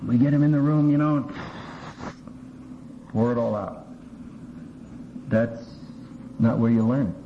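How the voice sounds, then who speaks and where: A man's voice: mid-range voice, unhurried, pauses often. A man, a seminary professor, lecturing with humor and acting out voices, recorded on an old cassette tape. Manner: humorous, animated, acts out voices. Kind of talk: lively lecture with acted quotes. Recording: dull old cassette tape with faint hiss.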